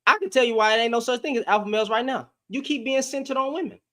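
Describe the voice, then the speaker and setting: A man ranting in a casual, slangy reaction commentary, heated with loud bursts. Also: very high-pitched, fast.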